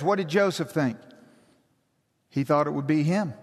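A man preaching a sermon as pastor, slow and emphatic, building intensity. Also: a little high, expressive. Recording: long hall reverb.

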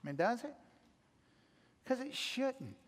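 An older man preaching a sermon as pastor, conversational and earnest, swinging from hushed to loud. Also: extremely high pitch, big pitch swings, slow pace. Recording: echoey hall reverb.

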